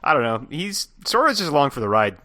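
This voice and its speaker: A man co-hosting a podcast in casual chat about a game, animated, laughing often and hesitating with fillers. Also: fairly high pitch, quick pace, no echo. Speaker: podcast co-host.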